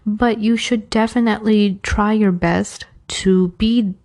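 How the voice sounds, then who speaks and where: A woman from New York with a New York accent, hosting a casual advice talk in a chatty, animated way that drifts into playful self-mocking tangents. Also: mid-range voice, slow pace. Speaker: host of an Islamic advice podcast.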